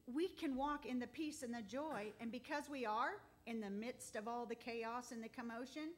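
A woman giving a heartfelt, halting testimony in church, close to tears at times. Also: on the high side. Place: church sanctuary.

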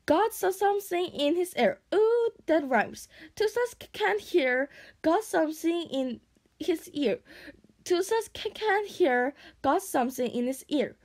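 A woman's voice: very high voice, expressive, a little slow, voice pushed up. A woman voicing a whiny cheeky little pet dragon. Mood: taunting. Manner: whiny, speaks of himself by name. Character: small cheeky greedy male pet dragon.

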